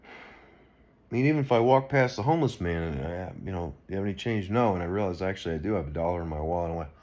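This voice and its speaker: A man's voice: sits low, rapid-fire, a little mellow. A man talking straight to camera in an unscripted monologue, rambling and earnest with frequent restarts. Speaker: video blogger.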